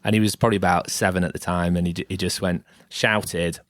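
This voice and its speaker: A man's voice: deep voice, steady tone, fast talker, fairly bright tone, dry recording. A middle-aged man hosting a podcast, talking in a rambling, hesitant way with lots of restarts. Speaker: podcast host. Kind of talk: casual chat.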